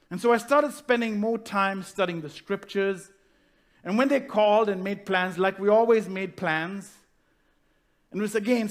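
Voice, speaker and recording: Pastor, male, higher-pitched voice, sermon delivery, slows down on key lines, asks the room questions. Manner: rhetorical questions, slows down to stress key phrases.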